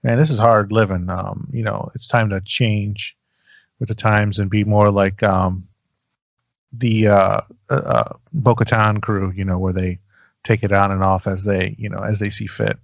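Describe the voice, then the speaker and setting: A man's voice: on the low side, little pitch movement, unhurried, gravelly, no room sound, muffled recording. A man co-hosting a podcast in casual chat, easygoing and hesitant, with many fillers. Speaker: podcast co-host.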